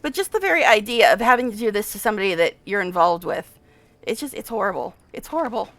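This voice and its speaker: A woman's voice: mid-range voice, expressive, fast, a bit bright. A woman giving casual let's-play commentary and reading game text aloud, distressed and exasperated, sighing and repeating herself. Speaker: game streamer.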